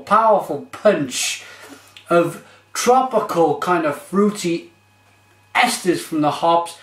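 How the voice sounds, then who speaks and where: A man's voice: fairly high pitch, reverberant. A man reviewing beer on his vlog, gushing and exclamatory as he describes it.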